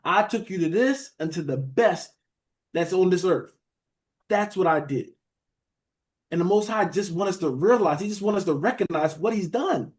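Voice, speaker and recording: A man preaches a casual sermon with a slightly higher pitch than most men. He talks in a chatty, back-and-forth way, asking his listeners questions and answering them himself. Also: animated, moderate pace. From United States. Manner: conversational preaching, asks the room questions and says "beloved". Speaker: teacher preaching a Bible study.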